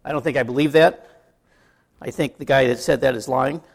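A man's voice: medium pitch, fairly even intonation, brisk, creaky. A middle-aged man from the United States preaching a sermon in a conversational way, with asides and rhetorical questions to the congregation. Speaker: pastor.

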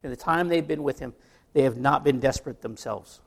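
Gravelly conversational male preacher. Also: medium pitch, brisk. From United States. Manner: conversational preaching with asides and rhetorical questions. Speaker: pastor. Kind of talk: sermon.

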